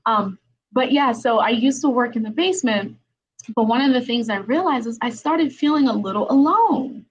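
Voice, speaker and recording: A woman's voice: on the high side, lively intonation, normal speed, husky, highs cut off. A middle-aged woman hosting a live-streamed interview podcast from home. She chats casually and laughs often, with many ums and tag questions. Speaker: podcast host, attorney.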